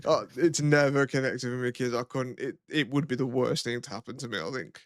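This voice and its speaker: A man's voice: mid-range voice, fairly even intonation, fairly quick, no room sound, clean studio sound. Casual swearing young man. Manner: rambling, swearing, lots of fillers. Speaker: podcast co-host. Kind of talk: casual chat.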